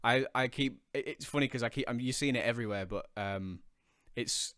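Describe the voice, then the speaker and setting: A man's voice: medium pitch, fairly quick, a bit bright, clear, resonant tone, no room sound, studio quality. A young man on a casual call, talking in a reflective, hesitant way with lots of fillers. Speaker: guest caller. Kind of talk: casual video-call chat.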